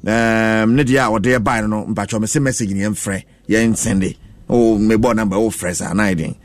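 Ghanaian radio sports host, dry studio sound. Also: male voice, mid-range voice, moderate pace, no room sound. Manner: lively, reads out listener messages, laughs often. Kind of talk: radio sports talk, switching between Twi and English.

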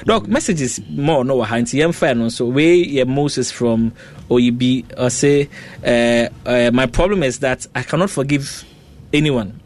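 A man with a Ghanaian accent hosting a radio call-in show, chatting with callers and a guest in a measured way. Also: mid-range voice. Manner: slow, deliberate reading of numbers. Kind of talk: radio call-in chat mixing English and Twi.

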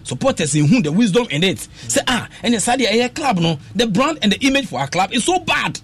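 High-pitched, fast, animated Ghanaian man. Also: slightly rough. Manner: passionate, switches between English and Twi, sing-song phrases. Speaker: radio sports talk panelist. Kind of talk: animated radio sports talk.

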